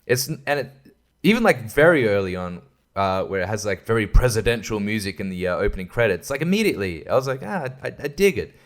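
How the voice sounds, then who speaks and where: A man's voice: fairly low pitch, sing-song, fast. A man hosting a podcast, chatting casually about a film in a rambling, joking and profane way. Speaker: podcast host. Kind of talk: casual film-review chat.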